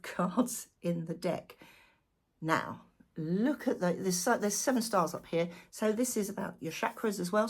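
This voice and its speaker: A woman's voice: on the low side, gravelly, breathy edge. A woman giving a casual weekly tarot reading to camera, thinking aloud and chatting animatedly as she goes through the cards. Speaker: tarot reader.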